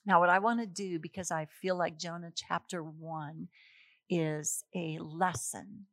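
A woman teaching a Bible passage in an animated, emphatic way, reading verses and explaining them. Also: lowish voice, a little slow, no room sound. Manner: animated, emphatic, chuckles at her own points. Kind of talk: expository sermon.

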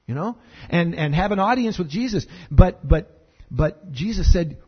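A man preaching a conversational sermon as pastor, chatty and animated, with many fillers and repeated words. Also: sits high, measured pace, husky, highs cut off.

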